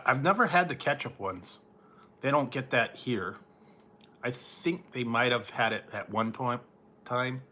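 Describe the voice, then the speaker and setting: With slight background noise behind him, this man reviews food in loose late-night talk, his mid-range voice pushed and bright. He wanders off topic, lets sentences fade, and laughs frequently.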